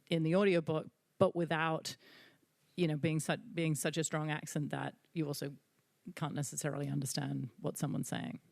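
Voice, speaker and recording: A woman's voice: low-pitched, vocal fry, no room sound, studio quality. A woman audiobook publisher speaking on a panel in a chatty way, with many "you know" fillers. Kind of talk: panel discussion.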